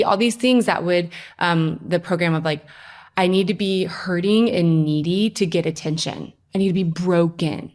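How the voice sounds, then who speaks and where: A young woman, a podcast guest, telling her personal story in a lively, conversational way. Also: fairly low pitch, a little slow. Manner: animated storytelling, acts out her own past voice.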